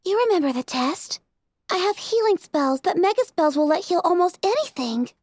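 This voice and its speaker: A woman voicing a timid, gentle young female pegasus pony who speaks in a meek, hesitant way. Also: very high-pitched, animated, moderate pace, no echo, pitched above the performer's own voice. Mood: resolute.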